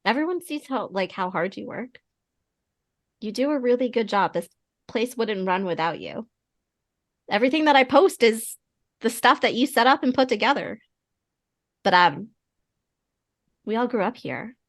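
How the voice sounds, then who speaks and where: Woman as reclusive local, gentle reluctant tone, dry mic. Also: on the high side, expressive, normal speed, pauses often, no room sound, pitched above the performer's own voice. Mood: confiding. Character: reclusive young woman Claire, a social media poster.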